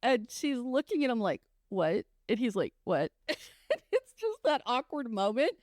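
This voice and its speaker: A woman's voice: high-pitched, very animated, normal speed, darkish tone, no room sound, clean studio sound. A middle-aged woman co-hosting a show, telling funny stories in a casual chat, laughing often and acting out voices. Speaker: co-host, biblical coach.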